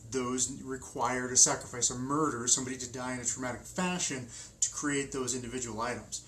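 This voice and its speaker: A man's voice: mid-range voice, a little fast, a bit bright, a little hiss or hum, lightly acted, poor audio. A man playing an eager, rambling male wizard professor who teaches curse breaking, stumbling over his words in a fan-made web drama.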